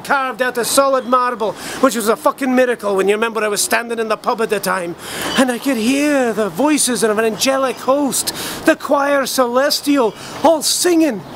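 An actor playing a rambling middle-aged drunk, ranting mock-profound comic wisdom. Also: male voice, extremely high pitch, background noise. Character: boozy rambling middle-aged male pub philosopher. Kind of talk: comic monologue.

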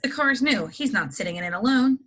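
A gruff, blustering uncle who barks threats and warnings, as a woman puts him on while reading. Her voice stays bright and forceful under the bluster, pitched on the low side. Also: normal speed. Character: blustering gruff uncle, middle-aged man.

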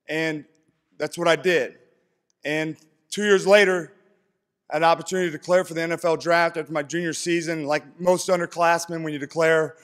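Man, 30s, from East Tennessee, acceptance speech, heartfelt, slightly high voice, long hall reverb. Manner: earnest, heartfelt storytelling. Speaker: honoree giving an acceptance speech. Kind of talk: speech to an audience.

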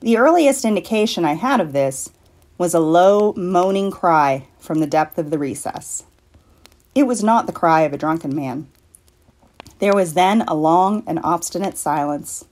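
A woman from a library reading a classic story aloud in a measured, deliberate way. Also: lowish voice, expressive, a little mellow. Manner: measured, deliberate, slowing for effect. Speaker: library staff reader.

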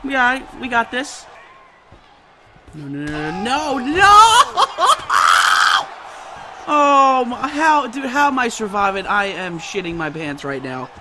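A man commentating his own fighting-game match, excitable, yelping, laughing and swearing as he plays. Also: very high voice, unhurried, crowd noise. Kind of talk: excited let's-play commentary. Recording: noisy background.

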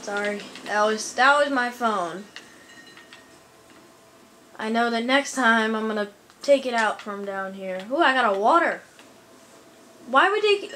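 A higher-pitched woman talks through a shooter game from home, chatty and excitable, needling the enemies she fights. Game sound stays clearly audible under her voice. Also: a little hiss or hum. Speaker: gaming YouTuber. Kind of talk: let's play commentary.

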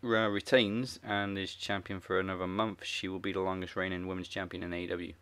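A man's voice: deep voice, level tone, brisk, fairly bright tone, smooth. A man hosting a casual wrestling podcast, often laughing as he runs through the list of picks. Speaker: podcast host.

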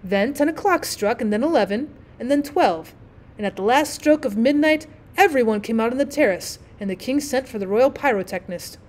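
A woman teacher reads a classic short story aloud, shaping each sentence with storytelling expression. Her voice sits a little high. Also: expressive, moderate pace, darkish tone. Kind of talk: audiobook story reading.

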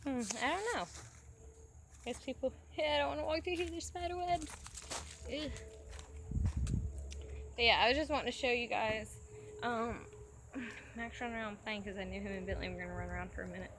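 A woman's voice: a little high, normal speed, long pauses, background noise. Chatty woman vlogging outdoors. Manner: chatty, talks to viewers and her dog. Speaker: vlogger showing her property. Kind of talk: casual vlog walkthrough. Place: outdoors on rural property.

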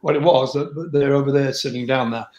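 An older man, a rock singer appearing as an interview guest, talks fast in a medium-pitched, darkish voice with the highs cut off. The chat is candid and blunt, and he swears freely. The recording has a roomy echo.

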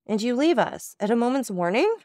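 A woman's voice: on the high side, big pitch swings, fairly quick, a little mellow, dry recording, studio quality, pitched above the performer's own voice. A woman reading the lines of an affectionate, anxious young wife in an audiobook, earnest and pleading.

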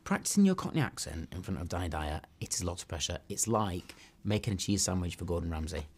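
A man telling a lively story in a casual interview, acting out lines as he goes. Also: low-pitched, fast talker, slightly rough. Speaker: interviewed actor.

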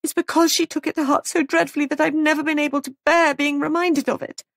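A frightened young woman pleading in a high, frantic voice, as a woman narrator puts her on. The tone stays husky under the strain. The recording is close and dry. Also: normal speed, dark tone, dry recording. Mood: distraught.

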